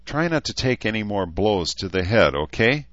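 A man's voice: fairly low pitch, very animated, moderate pace, a bit bright, dry recording, dull audio, voice pushed up. A man voicing a young woman healer who teases and scolds her patient bluntly. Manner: teasing, scolding.

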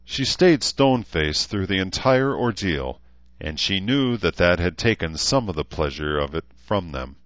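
A man narrating a novel as an audiobook in an even, measured reading. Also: low-pitched, dry recording, dull audio. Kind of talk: scripted narration.

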